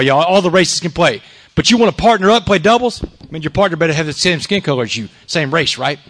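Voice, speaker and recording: A man's voice: sits high, a bit bright. A man from Texas with a Southern accent telling his life story to an audience, emphatic, tossing in "man" and "y'all". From Texas, USA.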